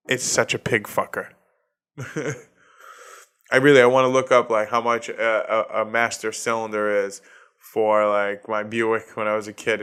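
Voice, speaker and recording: A man's voice: lowish voice, bright, forceful tone. A man in his thirties with a Boston accent, hosting his own comedy podcast in a profane, ranting solo monologue and laughing at his own jokes. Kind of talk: casual solo podcast rant.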